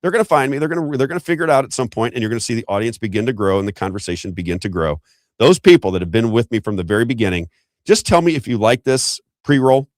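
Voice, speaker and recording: A man hosting a show of political commentary, talking excitedly and rambling with restarts. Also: fairly low pitch, quick pace, no echo, clean studio sound. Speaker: show host.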